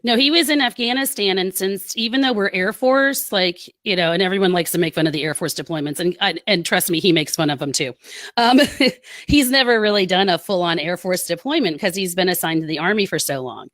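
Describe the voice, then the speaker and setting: A woman, a military spouse telling her story in a podcast interview, earnest and quick with asides. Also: lowish voice, fairly bright tone, no echo. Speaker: guest, military spouse advocate.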